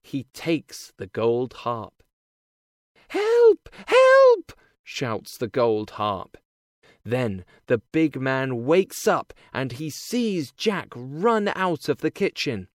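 A man's voice: medium pitch, expressive, takes it slowly, dry recording, clean studio sound. A man reading a simple storybook aloud in a plain, careful way. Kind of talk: simple storybook narration for learners.

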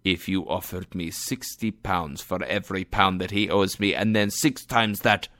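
A man's voice: deep voice, fairly even intonation, normal speed, bright, forceful tone, no echo, pitched below the performer's own voice. A man voicing a vengeful, unyielding moneylender in a read-aloud story, stern and emphatic. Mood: defiant.

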